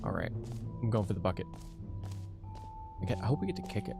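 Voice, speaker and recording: A man's voice: fairly low pitch, big pitch swings, creaky, loud music behind the voice. A man live-streaming a game reaction, laid-back and joking. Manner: laid-back, joking, quick gasps and laughs.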